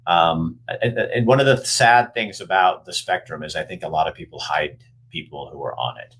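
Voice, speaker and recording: A man with a husky, fairly low voice hosts a relaxed online conversation. He tells stories in a chatty, animated way. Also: moderate pace. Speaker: host. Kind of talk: casual live chat.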